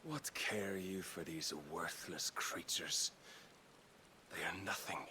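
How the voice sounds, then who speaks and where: A man's voice: low voice, fairly even intonation, slow, sharp tone, a little hiss or hum, heavily acted. An actor voicing a cold, godlike male villain in a video game, grave and preaching with contempt for mankind. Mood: contemptuous.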